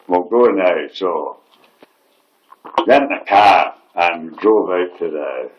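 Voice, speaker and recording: Laughing man telling a story. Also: deep voice. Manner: laughing often, swearing, animated storyteller. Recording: echoey room, faint noise.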